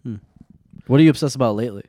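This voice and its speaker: A hoarse man co-hosting a podcast in casual chat, teasing and laughing often. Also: medium pitch, rapid-fire, warm tone. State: hoarse from being sick. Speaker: podcast co-host.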